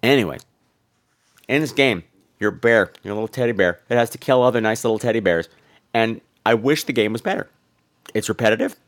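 A man hosting a podcast, telling a story in an animated, profane way in a casual monologue. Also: lowish voice, a little fast, long pauses. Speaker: podcast host.

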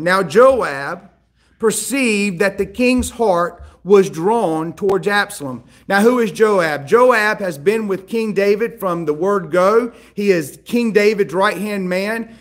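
A man with a high-pitched voice preaches a sermon, walking through a Bible story step by step. He talks to the congregation in a conversational, storytelling way and checks in with them as he goes. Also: fairly bright tone.

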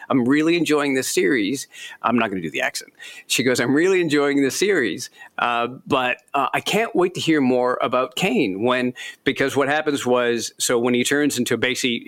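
A man, an author being interviewed, telling stories in a lively, self-deprecating way and laughing often. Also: medium pitch. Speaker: author guest. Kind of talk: casual interview chat.

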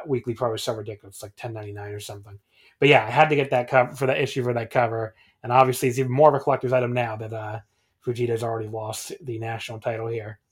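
A man casually reviewing wrestling shows on a podcast, rambling with lots of fillers and little chuckles. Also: medium pitch.

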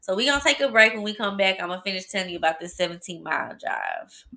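Woman podcaster telling a story, gravelly edge, bright tone, chatty, talks to y'all. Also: medium pitch, fast talker. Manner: chatty, animated storytelling addressing listeners as y'all. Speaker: podcast host. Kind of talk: casual storytelling.

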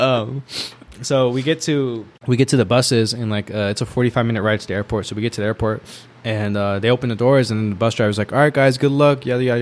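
A young man with a voice at a middling pitch tells a long story in a loose, casual way. He piles up fillers and restarts and breaks into laughter as he goes. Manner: rambling, filler-heavy, laughs while telling.

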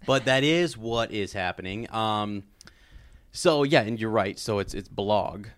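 A man co-hosting a podcast, chatting about a book and reading passages aloud slowly and dramatically, laughing easily. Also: on the low side, lively intonation, no echo. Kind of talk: casual book discussion with read-aloud passages.

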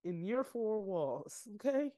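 A woman's voice: mid-range voice, slow. A young adult woman co-hosting a podcast, recapping a show in casual chat and acting out quotes with laughter. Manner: animated, acts out quotes with laughter. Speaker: podcast co-host.

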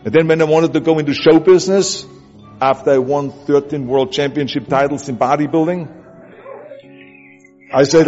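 A man's voice: fairly high pitch, fairly even intonation, moderate pace, long pauses, darkish tone. A man with a German accent giving an emphatic motivational speech, building his points through repetition. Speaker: motivational speaker. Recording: echoey hall, dull sound, music behind.

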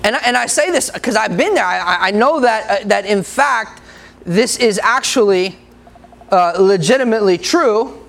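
Male preacher, very high voice, a gravelly edge, laughs a lot, playful with the congregation. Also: lively intonation, moderate pace, a bit bright, a little hiss or hum. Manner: laughs often, jokes with the congregation. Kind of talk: sermon.

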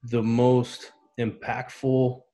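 A man's voice: medium pitch, monotone, drawn-out words, dark tone, low-quality recording. A man in his thirties telling an emotional personal story in a casual conversation, earnest and heartfelt. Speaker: podcast guest.

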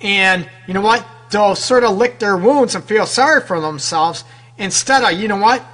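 A fairly high-pitched man with a bright, forceful tone hosts a radio advice show. He speaks to his listeners in a frank, loose, conversational way and keeps asking them questions. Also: moderate pace. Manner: talks straight to listeners with rhetorical questions. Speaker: radio show host and relationship counselor.

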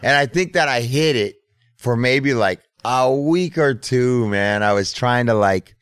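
A man's voice: medium pitch, a little slow, a bit bright, clear, resonant tone, dry recording, clean studio sound. A middle-aged man telling a story in casual podcast chat, laid-back and profane. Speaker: podcast host.

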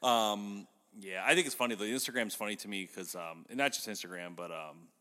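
A man hosting a podcast in casual chat, telling stories in an animated way. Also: fairly low pitch, a little fast, big-room sound. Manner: animated storytelling with laughs. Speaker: podcast host.

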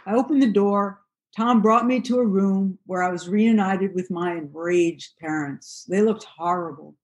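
A woman reads a first-person memoir aloud, her voice sitting in a middle pitch. She tells it in a steady, measured way, unhurried and even. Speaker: narrator.

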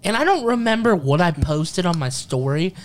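A young man with a high-sitting voice hosts a casual podcast at normal speed, telling a story full of swearing. He's an animated storyteller who acts out the quotes.

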